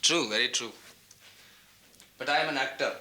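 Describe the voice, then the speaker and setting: Cocky flirtatious Indian film star. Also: male voice, medium pitch, moderate pace, bright, forceful tone, a little hiss or hum. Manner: breezy, mixes Hindi into English, chuckles. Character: cocky male film actor, flirtatious and boastful. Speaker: actor. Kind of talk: 1990s TV drama acting.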